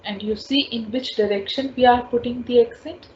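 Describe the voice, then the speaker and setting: This slow spoken French lesson comes from a woman whose fairly high voice has a darkish tone, fairly even intonation, and a normal speed. She patiently repeats each word and sound several times, and the dull lo-fi recording carries faint ambient noise.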